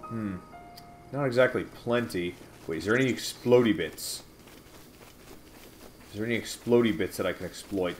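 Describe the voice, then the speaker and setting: A man hosting a let's-play, giving excitable, casual commentary, swearing at and taunting enemies. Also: fairly low pitch, moderate pace, long pauses, faint music behind. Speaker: gaming channel host.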